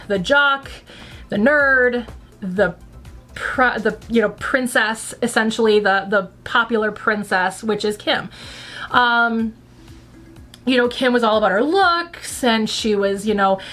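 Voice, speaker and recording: Chatty woman, slightly high voice. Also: fairly bright tone. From United States. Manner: rambling and chatty, many fillers and restarts. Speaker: channel host reviewing a TV franchise. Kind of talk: casual opinion vlog. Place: at home.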